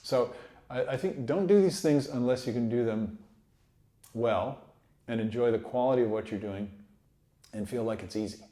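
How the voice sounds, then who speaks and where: Mellow-voiced man teaching trumpet. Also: mid-range voice, normal speed, pauses often. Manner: easygoing, encouraging, sings rhythms aloud. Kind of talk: relaxed instructional talk. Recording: echoey room.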